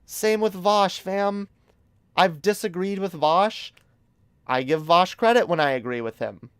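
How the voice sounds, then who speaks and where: A man's voice: high-pitched, measured pace, clean tone, dry recording. A man streaming a heated, casual commentary rant, emphatic and profane, often stumbling over repeated words.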